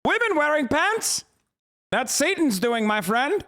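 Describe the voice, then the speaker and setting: A man voicing a prudish, old-fashioned male moralizer in a mock transatlantic accent, high, shrill and theatrical. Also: big pitch swings, unhurried, bright, forceful tone, exaggerated voice. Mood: scandalized. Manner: exaggerated mocking parody.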